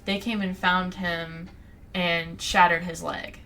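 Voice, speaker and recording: A woman's voice: fairly low pitch, level tone, slow pace, sharp tone, a little hiss or hum. A young woman co-hosting a podcast, chatting casually as she retells a story with little quoted voices. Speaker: podcast co-host recapping a book. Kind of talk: casual chat.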